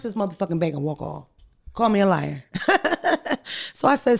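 A woman's voice: lowish voice, lively intonation, normal speed, gravelly, a little mellow. A woman hosting a podcast, telling stories in a blunt, profane, casual way. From United States. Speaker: podcast host.

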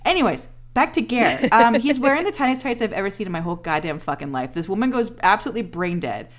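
A woman in her thirties co-hosting a podcast, recapping a TV episode in casual chat, animated, swearing and laughing often. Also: medium pitch, fast. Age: 30s. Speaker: podcast co-host.

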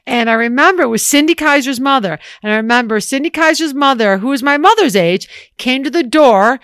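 A woman's voice: high voice, expressive, a little fast, fairly bright tone, smooth, no echo, clean studio sound. A woman co-hosting an advice podcast, chatting casually with lots of laughter and fillers. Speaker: podcast co-host.

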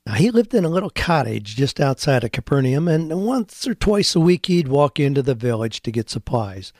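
A male radio host tells stories in a conversational, easygoing manner. His voice sits at a middle pitch and is recorded close and dry on a studio mic, with no room sound. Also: very animated, normal speed, no room sound. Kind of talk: storytelling and casual radio talk.

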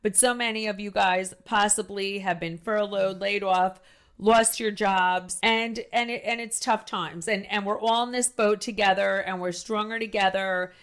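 A loud, gushing woman with a New Jersey accent hosts a casual podcast. She talks with big emphasis, doubling back and restarting her sentences as she goes. Her pitch sits in an ordinary middle range. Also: fairly even intonation, normal speed, clean tone. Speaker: podcast host.

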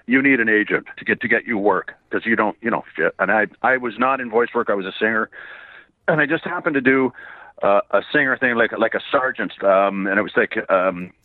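A slightly hoarse man from Canada with a faint Irish trace, a voice actor and singer chatting as an interview guest, animated and laughing as he tells stories. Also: medium pitch, fairly quick. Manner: animated, laughing storyteller with frequent restarts. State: a bit hoarse. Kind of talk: casual interview chat. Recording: tinny phone-line sound.

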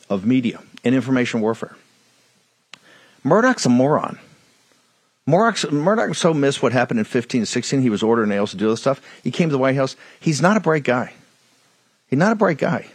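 A man's voice: mid-range voice, slightly rough, dry recording. A male talk show host giving heated political commentary, blunt and combative, repeating his points.

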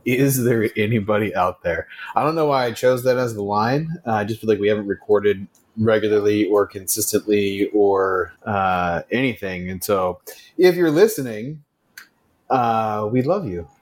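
A man's voice: fairly low pitch, moderate pace. An American man co-hosting a casual podcast, rambling and joking at his own expense with lots of fillers. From United States. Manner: rambling and self-mocking, many fillers. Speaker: podcast co-host. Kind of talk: casual chat. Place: traveling, recording remotely.

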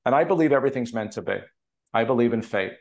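A Canadian TV producer and author talks fast at a medium pitch, telling emotional stories with animation in a casual podcast interview conducted over a remote call.

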